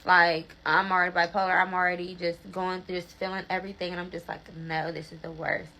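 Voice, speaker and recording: A woman's voice: fairly low pitch, flat delivery, a little fast, sharp tone, low-quality recording. A young woman telling a rambling storytime, filler-heavy and swearing freely, with frequent restarts. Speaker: vlogger. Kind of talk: casual storytime vlog.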